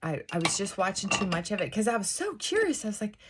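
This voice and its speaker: Woman host, mid-pitch voice, reflective get-ready-with-me vlog, muses aloud with rhetorical questions and restarts. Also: fast, very noisy. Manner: musing, asks many rhetorical questions; thinking aloud with frequent restarts and asides. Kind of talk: casual reflective monologue while getting ready.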